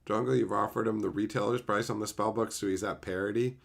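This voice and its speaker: A man's voice: on the low side, fairly even intonation, fast talker, creaky. A man from Canada chatting casually on a livestream, swearing freely and laughing often as he answers his chat. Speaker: streamer reading chat.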